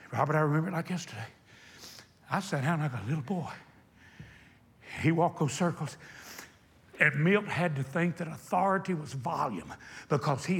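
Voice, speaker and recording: An older preacher with a high, gravelly voice tells his story from the pulpit. His tone is bright and edgy, and he drops to a hush before surging into loud, fiery preaching. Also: expressive, fairly quick, long reverb tail. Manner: swings from hushed retelling to shouted preaching. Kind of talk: sermon storytelling.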